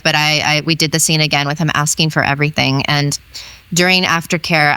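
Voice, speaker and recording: Interviewed about her work as an intimacy educator, a woman tells a lively story and performs the dialogue she quotes. Her low voice sounds smooth, with no room sound at all.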